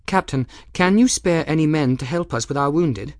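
A man plays a haughty young woman in a storybook reading, crisp and brisk. Her voice sits well above the reader's own register. The recording is dry and close. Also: a little high, dry recording, voice pushed up, natural voice.

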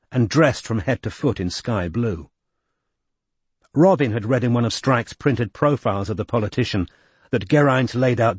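A man reading a novel aloud in even, measured scripted narration. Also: mid-range voice, husky, no room sound. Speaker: audiobook narrator.

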